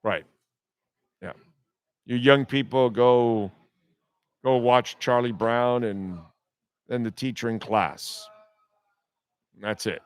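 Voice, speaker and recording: A man's voice: mid-range voice, slow pace, long pauses, smooth, no room sound. A man hosting a sports talk radio show, ranting bluntly and sarcastically with plenty of profanity.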